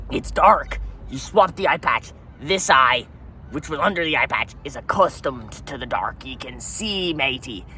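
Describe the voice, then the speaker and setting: Man, bright voice, pirate-persona comedy rant, keeps saying matey, mic a little far off. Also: on the high side, slight background noise. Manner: pirate talk, says "matey" constantly, rambling rants. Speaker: podcast host. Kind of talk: comedic in-character pirate monologue. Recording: voice a bit distant from the mic.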